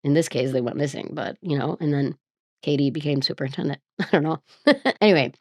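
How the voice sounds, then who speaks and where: A woman podcast host reading a mystery script aloud and breaking off into jokey, animated asides full of quick self-interruptions. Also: sits low, dry recording, clean studio sound.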